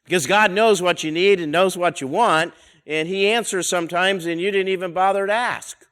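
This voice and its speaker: Man teaching a Bible study, slightly high voice. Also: normal speed, fairly bright tone, clean tone. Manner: conversational, with rhetorical questions and repeated phrases.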